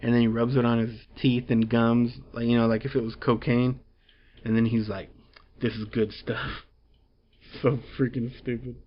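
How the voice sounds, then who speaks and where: A man's voice: mid-range voice, level tone, normal speed. Rambling, chuckling man on lo-fi audio. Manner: rambling, chuckling plot retelling with filler words. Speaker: comic book reviewer. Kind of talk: casual review chat.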